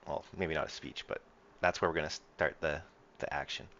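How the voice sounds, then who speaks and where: A man narrating as game master of a tabletop game, relaxed and halting, with frequent fillers. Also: rumbling low, gravelly, dull audio, slight background noise.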